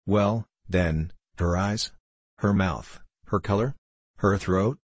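A playful young queen who coaxes and teases with endless questions, read by a man. The voice stays deep and slightly husky, recorded close and dry. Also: slow pace, no echo, full character voice. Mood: teasing. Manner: coaxing, teasing questions.

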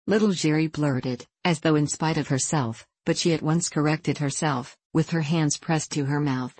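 A woman narrates a classic novel in a steady, measured way. Her voice sits low and even. The recording is dry and close, with no room echo. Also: breathy edge. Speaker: audiobook narrator. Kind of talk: scripted narration.

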